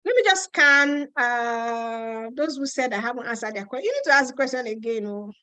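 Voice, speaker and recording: A woman's voice: a little high, lively intonation, moderate pace, bright, forceful tone, no echo, poor audio. A woman with a Nigerian accent hosting a casual live stream, reading out viewer questions and answering them frankly, with some teasing.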